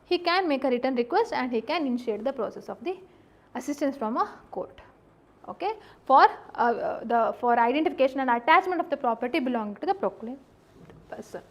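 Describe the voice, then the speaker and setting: High-voiced Indian woman explaining law. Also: lively intonation, fairly quick. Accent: Indian English. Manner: explanatory, repeats key points with frequent "uh" fillers. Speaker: law lecturer. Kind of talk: exam-prep legal lecture.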